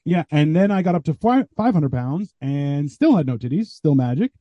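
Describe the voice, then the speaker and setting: A man who is a guest comedian on a podcast, chatting casually and telling animated stories, acting out what people said. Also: fairly high pitch, normal speed, no room sound, highs cut off. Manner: animated storyteller, acts out quoted voices. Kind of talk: casual chat.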